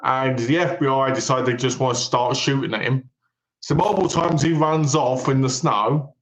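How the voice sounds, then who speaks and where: A man co-hosting a film podcast, retelling movie plots in a lively way and acting out the characters' lines. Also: medium pitch, normal speed. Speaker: podcast co-host. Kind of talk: casual film review chat. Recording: echoey room.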